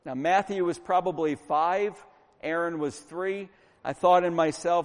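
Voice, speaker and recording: A man's voice: fairly high pitch, measured pace. A middle-aged man preaching a fervent, emphatic sermon as pastor, hammering points home with repetition. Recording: long reverb from a large room.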